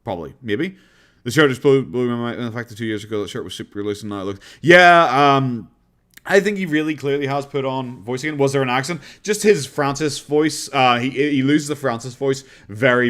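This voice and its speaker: A man's voice: medium pitch, brisk, fairly bright tone. Irish male streamer, easygoing and rambling, casual reaction-stream chat.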